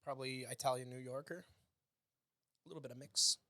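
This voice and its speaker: A man's voice: medium pitch, steady tone, a little fast, bright, forceful tone, no echo, clean studio sound. A Canadian man co-hosting a podcast in laid-back casual chat, laughing often. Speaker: podcast co-host.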